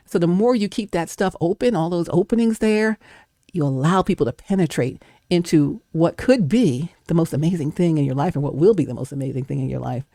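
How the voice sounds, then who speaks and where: A woman's voice: low-pitched, brisk, warm tone, dry recording, studio quality. A woman giving an emphatic, preacher-like faith talk, acting out doubting voices. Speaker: guest speaker.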